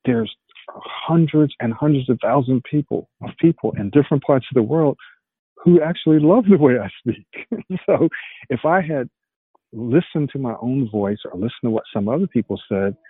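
Slow-spoken husky man on a call. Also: medium pitch, dry recording. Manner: slow, deliberate speaking. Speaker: guest. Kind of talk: casual conversation. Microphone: video call. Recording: tinny call audio, dry.

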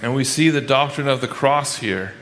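In this clip a man with a mid-range, somewhat bright voice preaches at normal speed, with slight background noise. The pastor's sermon feels like conversation, marked by frequent restarts and quoted asides acting out what people think to themselves.

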